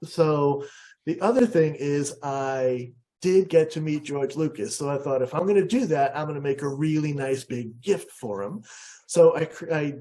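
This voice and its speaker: An American man giving a storytelling presentation, animated and jumping up high in pitch when he acts out what people said. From USA. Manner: animated, acts out quotes with big pitch jumps. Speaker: guest speaker.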